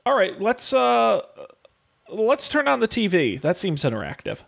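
A man co-hosting a podcast, calling out commands in a text adventure with tentative quick corrections. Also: high voice, wildly swooping pitch, creaky, fairly bright tone. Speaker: podcast co-host giving game commands. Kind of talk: casual play-through chat.

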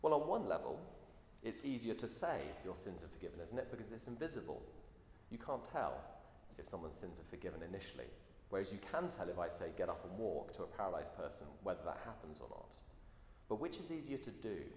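A man's voice: low voice, sing-song, a little fast, darkish tone. A man preaching a sermon in an earnest way, full of rhetorical questions. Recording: echoey hall, faint room noise.

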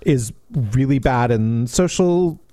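A man co-hosting a podcast, chatting casually about books, animated and laughing as he acts out quotes. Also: mid-range voice, slow pace, no echo, clean studio sound. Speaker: podcast co-host. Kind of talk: casual book discussion.

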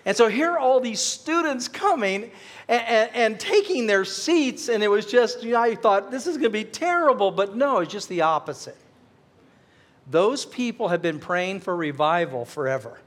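High-voiced man preaching an earnest sermon. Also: expressive, normal speed. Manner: storytelling, earnest, growing fervent and emphatic. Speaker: pastor.

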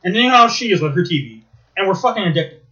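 A man chatting casually, telling rambling, profane, animated stories. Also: sits high, fast. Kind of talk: casual chat. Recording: dull lo-fi recording.

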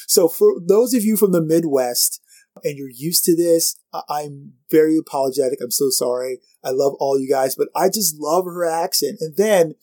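A man's voice: on the high side, moderate pace, warm tone, no echo, studio quality. A man hosting a podcast, introducing and interviewing a guest with enthusiastic, effusive praise. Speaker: podcast host.

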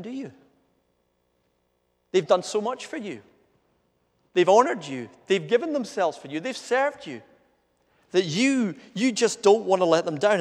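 A man preaching an earnest, conversational sermon, asking his listeners rhetorical questions. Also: a little high. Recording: long hall reverb.

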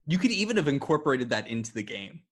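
A man's voice: medium pitch, very animated, fast talker, breathy edge. Wry man in casual podcast chat. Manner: wry, acts out characters' lines. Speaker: podcast co-host. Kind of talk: casual chat recapping a TV episode.

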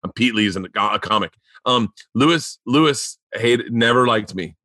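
A man's voice: mid-range voice, normal speed, pushed and bright, no room sound. A man hosting a podcast, telling rambling, profane stories in casual comedic chat. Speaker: podcast host.

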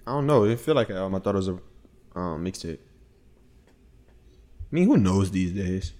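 A man co-hosting a podcast in casual chat, thoughtful and relaxed, often hedging his views. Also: low voice, moderate pace. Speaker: podcast co-host.

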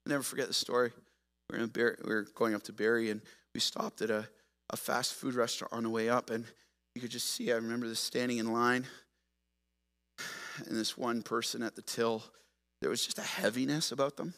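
A man preaching a sermon as pastor, moving from quiet storytelling to loud, emphatic exhortation. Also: mid-range voice, steady tone, a little fast.

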